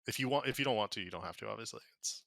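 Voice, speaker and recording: A man's voice: on the low side, vocal fry, fairly bright tone, no room sound. A man narrating as game master in a tabletop game, casual and full of fillers. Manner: casual, quick, many fillers.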